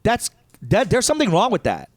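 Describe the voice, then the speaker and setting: Man, comedian co-host, exasperated storyteller, lively swinging pitch, dry close sound. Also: a little fast, dry recording. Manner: animated, exasperated, swears freely. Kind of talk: casual storytelling rant.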